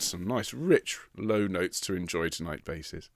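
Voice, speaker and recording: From home, a choir director leads a live online rehearsal, greeting singers one by one with chatty teasing in a low, slightly rough, sandpapery voice. He talks at a moderate pace with few pauses, faint music behind him, picked up by a computer mic on a video stream.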